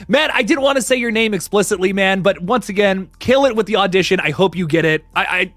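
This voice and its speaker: A man's voice: high voice, animated, fairly quick, a bit bright, no room sound, faint music behind. A man hosting a casual livestream, chatty and laughing often as he greets viewers in the chat. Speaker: livestream host.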